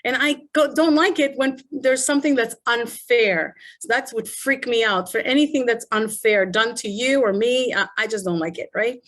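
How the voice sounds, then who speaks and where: High-voiced woman coaching speakers. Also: normal speed, few pauses. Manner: animated storytelling, rhetorical questions. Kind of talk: online presentation.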